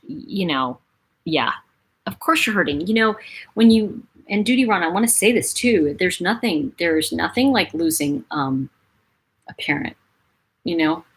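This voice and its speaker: A middle-aged woman hosting a live stream, talking warmly and expressively with viewers, with many fillers. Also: fairly low pitch, breathy edge. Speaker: host of a live stream, reading viewer comments. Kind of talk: casual live-stream chat.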